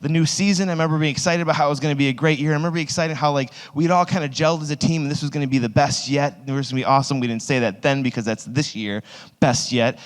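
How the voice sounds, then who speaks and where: Speaking rapid-fire yet smooth and steady, with a fairly high pitch, a thirty-something youth pastor tells a meandering, self-mocking personal story in his sermon, peppered with "like." The audio comes from two stage microphones in a big audience-filled hall with long reverb.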